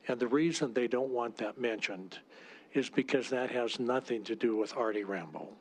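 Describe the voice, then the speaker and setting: A man, a state senator, introducing a bill at a legislative committee hearing, speaking haltingly with frequent restarts. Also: medium pitch. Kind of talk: formal committee testimony.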